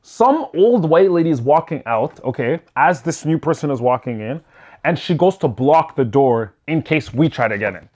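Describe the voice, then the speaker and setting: A man telling a personal story in a casual, animated vlog style, swearing freely and filling his talk with "like" and "you know.". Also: a little high, normal speed. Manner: animated, swears freely, chatty with lots of fillers. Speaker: storyteller vlogger.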